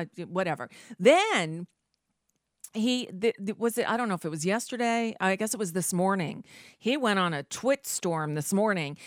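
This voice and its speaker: A woman's voice: medium pitch, no echo, studio quality. A woman hosting casual political commentary, sarcastic and rambling with many fillers.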